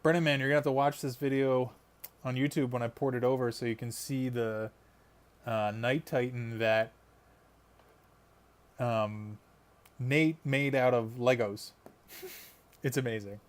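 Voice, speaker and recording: A man's voice: mid-range voice, fairly even intonation, a little slow, long pauses. A man chatting casually on a live stream while he paints miniatures, rambling and laughing often.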